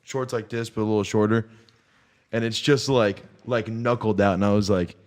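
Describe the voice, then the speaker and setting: Low-voiced man telling crude stories. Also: fairly even intonation, moderate pace. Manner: crude storytelling banter. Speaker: podcast co-host. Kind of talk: casual chat.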